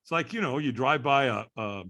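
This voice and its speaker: An older man in his sixties tells his story with a bright, forward voice. His pitch swings widely as he acts out other people's lines and keeps checking in with "right?" He is a podcast guest. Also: fairly quick. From California. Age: 60s. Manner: lively storyteller acting out voices, frequent "right?". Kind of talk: animated storytelling.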